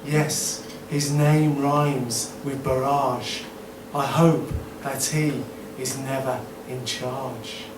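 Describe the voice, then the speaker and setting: Man, slow deliberate spoken word poet, roomy venue, distant mic. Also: mid-range voice, steady tone, background noise. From Birmingham, England. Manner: slow, deliberate, sardonic delivery with hesitant asides between poems. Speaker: performance poet. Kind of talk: spoken word poetry performance. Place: live performance venue, indoors. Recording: echoey room, distant mic, faint ambience.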